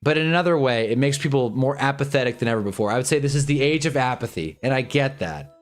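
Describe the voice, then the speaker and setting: A man's voice: medium pitch, lively intonation, fast. A man in his twenties ranting casually on a livestream, rambling and joking with frequent laughs. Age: 20s. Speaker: livestream host.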